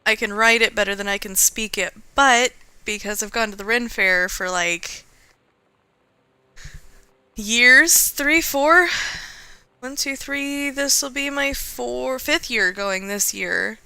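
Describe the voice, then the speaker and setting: A woman chats casually while she streams a game. Her voice is a little high and bright, with a gravelly fry. She talks playfully to herself as she plays. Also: slow, no echo. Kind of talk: casual gaming commentary.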